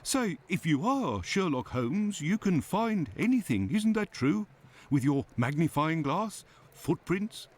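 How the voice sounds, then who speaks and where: A man's voice: on the high side, sing-song, slow, a little mellow, exaggerated voice. An actor playing a chatty, deferential male police constable in a video game.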